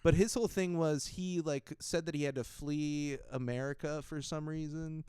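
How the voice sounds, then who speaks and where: A man hosting a podcast in casual chat, telling stories in an animated way, laughing often and acting out other people's lines. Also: a little high, normal speed, clear, resonant tone, no echo. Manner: animated storytelling, laughs often, acts out voices. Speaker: podcast host.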